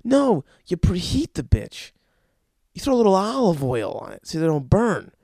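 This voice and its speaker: A man's voice: sits high, huge pitch swings, moderate pace, mellow, no echo, clean studio sound. A young man hosting a podcast, telling crude stories and ranting with a lot of profanity. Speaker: podcast host. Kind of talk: crude comedic storytelling podcast.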